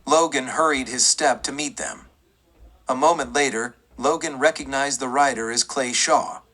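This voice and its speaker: A man reading a western audiobook in a steady, measured storytelling manner. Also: medium pitch. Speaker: audiobook narrator. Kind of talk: scripted western audiobook narration.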